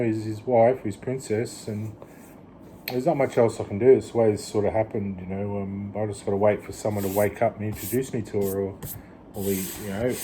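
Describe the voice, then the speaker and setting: A man's voice: on the low side, dark tone, slight background noise. A man talking in a rambling vlog monologue, full of restarts and "you know". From Australia. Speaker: vlogger. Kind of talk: casual rambling monologue to camera.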